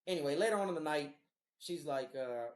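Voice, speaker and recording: A man's voice: fairly high pitch, lively intonation, a little fast. A man hosting a podcast, telling a long story in a casual, rambling and profane way. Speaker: podcast host. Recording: roomy echo.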